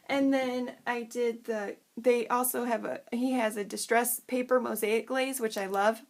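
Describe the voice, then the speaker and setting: Chatty and bubbly, a woman hosts a crafting tutorial for her craft channel, poking fun at herself as she rambles and frequently loses the thread. Her pitch is fairly high and creaky, with slight background noise.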